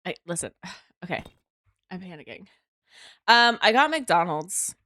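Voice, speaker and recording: A woman's voice: fairly low pitch, big pitch swings, unhurried, pushed and bright, no echo. A woman streaming a game live, chatting casually to her viewers, swearing freely and talking to herself as she plays.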